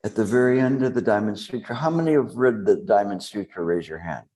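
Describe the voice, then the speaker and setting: A man giving a dharma talk as a meditation teacher to a live group, speaking slowly and deliberately with long pauses. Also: on the low side, mellow.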